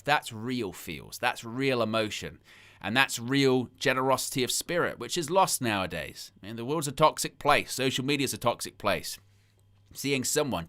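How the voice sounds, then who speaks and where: Bright, crisp-voiced man, passionate live host. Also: mid-range voice. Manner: passionate and emphatic, repeats phrases for effect; reads out and answers viewer chat comments. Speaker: host of a live wrestling watch-along stream. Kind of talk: casual live-stream chat.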